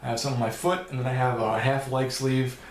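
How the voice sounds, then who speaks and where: A man's voice: medium pitch, level tone, fast, roomy sound, a little hiss or hum. A man answering viewer questions in a loose, rambling vlog, swearing now and then. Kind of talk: casual Q&A vlog.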